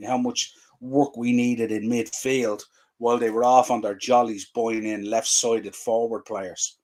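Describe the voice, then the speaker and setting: A man's voice: lowish voice, darkish tone. A man, hosting a fan show and ranting in frustration with repeated rhetorical questions. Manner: exasperated, repetitive rhetorical questions. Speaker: fan podcast host.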